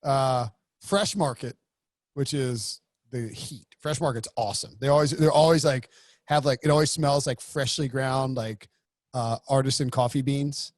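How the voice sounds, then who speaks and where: A man's voice: mid-range voice, moderate pace, no room sound, studio quality. A man co-hosting a football podcast, talking in a rambling, joking way and sometimes putting on an announcer voice. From United States. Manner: rambling, joking, with playful put-on announcer bits. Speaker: podcast co-host. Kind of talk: casual chat.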